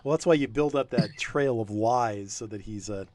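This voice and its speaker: A man running a tabletop game as game master, talking in a rambling, hesitant way with many pauses. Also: fairly low pitch, darkish tone, no room sound. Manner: rambling, hesitant, lots of ums.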